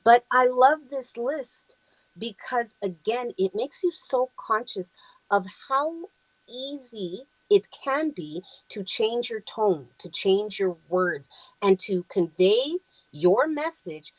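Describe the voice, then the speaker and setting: A woman's voice: fairly high pitch, animated, slow pace, dry recording, low-quality recording. A woman hosting a talk show, speaking in an earnest, affirming way with frequent ums as she walks through slides and reads short phrases aloud. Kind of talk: conversational talk show presentation.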